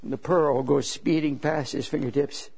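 A male preacher in a sermon with a husky, fairly high voice. He tells a story with many fillers and hesitant restarts. He builds to loud, urgent peaks. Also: fairly even intonation, moderate pace.

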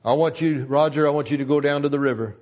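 An older man voicing his stern farmer father, speaking low and slow. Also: a little mellow, dull audio, natural voice.

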